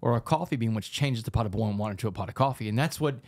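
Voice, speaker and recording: A man tells his story as a podcast guest, animated and fast-paced. His speech is rapid and energetic, and he keeps slipping in "man". The recording is dry and close, with no room sound. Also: on the low side, no echo. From Texas, United States. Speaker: podcast guest, author and speaker. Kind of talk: storytelling in a casual podcast interview.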